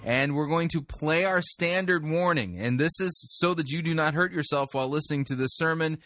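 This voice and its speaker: A man hosting a podcast that reviews sermons, talking in a wry, sarcastic way with quick asides. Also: on the high side, fairly bright tone, dry recording, soft background music. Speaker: podcast host.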